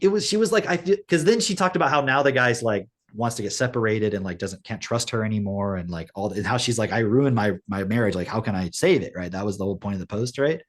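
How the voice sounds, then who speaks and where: A man co-hosting a podcast, retelling a story in casual chat, rambling and filling every pause with "like". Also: mid-range voice, a bit bright. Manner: rambling storytelling, heavy use of "like". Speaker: podcast co-host.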